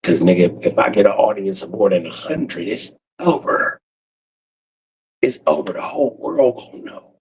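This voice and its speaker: A man in his forties doing a profane comedic rant on a livestream, breaking into cackles and swinging from loud outbursts to low mutters. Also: lively intonation, fairly quick, slightly rough, rough recording. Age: 40s.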